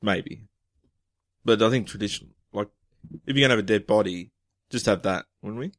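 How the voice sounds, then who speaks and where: A man's voice: fairly low pitch, normal speed, no echo. A man casually planning an improv comedy scene with friends, laughing often as he sets it up. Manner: laughs often, plays the police chief. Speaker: improv player.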